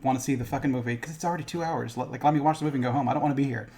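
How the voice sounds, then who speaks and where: Fast-talking man in casual chat. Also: mid-range voice, warm tone. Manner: rambling, profane, agreeable. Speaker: co-host.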